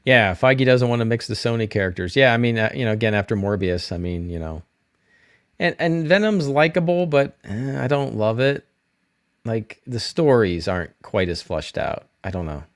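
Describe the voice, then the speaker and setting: A man's voice: mid-range voice, expressive, normal speed. A middle-aged man hosting a live stream, rambling casually and answering viewers' chat comments.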